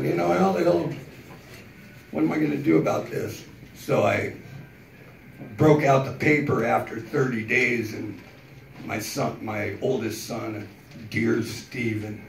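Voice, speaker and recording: A man in his fifties doing a stand-up comedy set in a club, telling stories slowly and deadpan with plenty of swearing, rising to shouted punchlines. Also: mid-range voice, creaky, slight background noise. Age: 50s. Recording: roomy club sound from a distance. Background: audience laughter.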